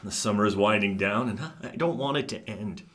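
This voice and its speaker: A man's voice: on the low side, a little fast, fairly bright tone. A man co-hosting a nerd podcast, telling bawdy tales in a hammy, mock-grand manner as a self-styled old uncle. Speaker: podcast co-host. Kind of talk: casual chat with mock-grand storytelling.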